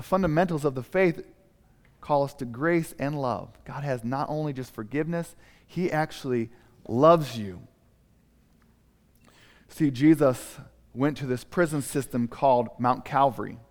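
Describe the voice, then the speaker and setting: A male preacher tells a story sermon with animated, dramatic delivery. His voice sits in a middle range, and a long hall reverb follows him. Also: mid-range voice.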